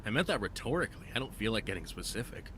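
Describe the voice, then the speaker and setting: A guarded former firefighter speaking bluntly and matter-of-factly in a game. His voice sits fairly low, with a faint hiss in the background. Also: sing-song, very fast. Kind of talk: game voice acting.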